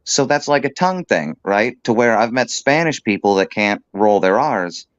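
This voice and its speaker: A man's voice: mid-range voice, expressive, normal speed, no room sound. Profane, jokey man on a muffled stream. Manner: profane, jokey, slips into put-on accents. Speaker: panel guest. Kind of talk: casual stream chat.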